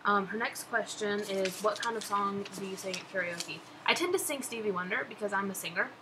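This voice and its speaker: A woman's voice: medium pitch, a little fast. A young woman chatting casually on her vlog, answering follower questions in a gushing, laughing way. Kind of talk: casual chat. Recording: background noise.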